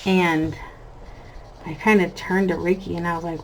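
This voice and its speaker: A woman's voice: medium pitch, moderate pace, dark tone, rough recording. A woman in her thirties with an American accent, chatting casually about her family as she colours, drifting between stories and talking through her work. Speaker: coloring channel host. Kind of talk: casual chat while coloring.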